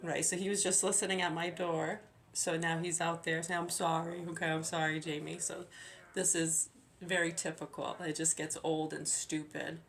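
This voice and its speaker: A woman's voice: low voice, level tone, moderate pace. A middle-aged woman, a mother, talking in a rambling, aggrieved monologue full of restarts and swearing. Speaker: mother venting.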